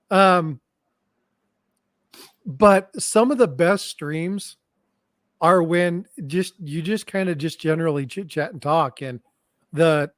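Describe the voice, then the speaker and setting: Stream host guy, slow and giggly, kinda high voice, dry close mic. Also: dry recording. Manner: giggly, laughs often, reads chat comments. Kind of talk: casual live stream chat.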